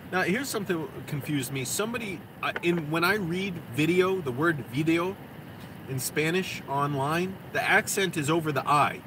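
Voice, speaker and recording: A man's voice: a little high, lively intonation. Profane ranting man over air conditioning hum. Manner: profane, rambling, quick to vent. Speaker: vlogger. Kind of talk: rambling casual monologue. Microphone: phone camera.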